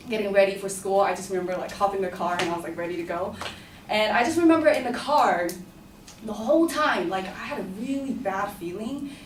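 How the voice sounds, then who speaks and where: A young woman telling a personal story to a class in a chatty way, with lots of fillers and giggles. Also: medium pitch. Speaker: student storyteller. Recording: echoey room, far from the mic, faint hum.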